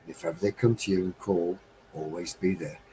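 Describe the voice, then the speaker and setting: A middle-aged man from England talks to his live stream viewers in a low, mellow voice. His delivery is heartfelt and wistful. He rambles, losing his thread now and then. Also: fairly even intonation, a little fast, slight background noise, low-quality recording. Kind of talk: reflective casual monologue.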